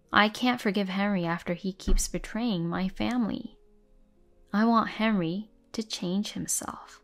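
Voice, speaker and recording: Gravelly-voiced woman narrating a story. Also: mid-range voice, a bit bright. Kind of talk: scripted first-person story narration.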